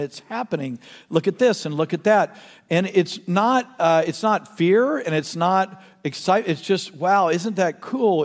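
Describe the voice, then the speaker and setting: A middle-aged man preaching a sermon as pastor, telling a story earnestly and swinging from soft asides to loud, urgent peaks. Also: on the high side. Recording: long reverb of a large hall.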